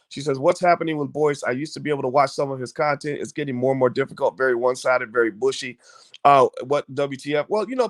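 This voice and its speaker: A high-pitched man delivers emphatic, preachy opinions on his own online show, frequently repeating words and restarting as he addresses viewers. There's no echo on the recording.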